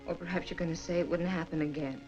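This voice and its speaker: A bitter young woman turns a man away in clipped, cutting sentences, as an actress plays her. Her voice sits at an ordinary middle pitch. A film score plays clearly beneath her. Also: steady tone, quick pace, darkish tone, dull audio, natural voice. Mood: cold. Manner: cold, cutting, building to anger. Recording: old film soundtrack with music.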